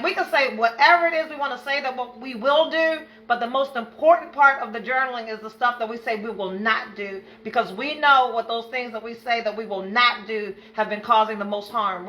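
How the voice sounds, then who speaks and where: A woman's voice: a little high, sharp tone, rough recording. An older woman hosting a live self-care stream, greeting viewers by name with effusive energy. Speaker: livestream host.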